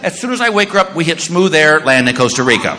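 A man doing stand-up comedy and telling an exasperated story in an animated way on a stage in a large hall. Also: a little high, quick pace, noisy background.

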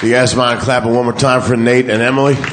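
A man's voice: medium pitch, little pitch movement, fast. A man doing a live stand-up comedy set, crude and self-mocking, laughing at his own jokes. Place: comedy club with live audience. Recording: loud crowd and room noise.

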